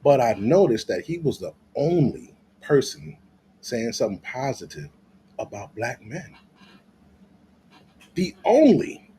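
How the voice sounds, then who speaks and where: Animated, slow-talking man ranting. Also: mid-range voice, a little hiss or hum. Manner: laughing, loose and profane. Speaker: vlogger. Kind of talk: profane reaction commentary.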